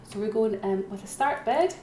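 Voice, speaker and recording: A woman's voice: medium pitch, expressive, moderate pace, darkish tone, a little hiss or hum. A chatty woman runs a live auction from her computer, calling again and again for bids. Her voice sits in a roomy, echoey space. Faint keyboard typing runs underneath. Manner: chatty, self-mocking, repeats calls for bids. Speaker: auction host. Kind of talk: live-streamed auction commentary.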